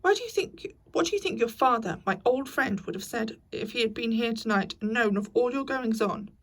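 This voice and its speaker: A woman reader puts on a grave old storybook badger with a thin, dry voice and a gravelly edge. He speaks with severe authority that softens into fatherly firmness. The voice is a little distant from the microphone. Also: a little high, lively intonation, a little fast. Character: stern, respected old male badger.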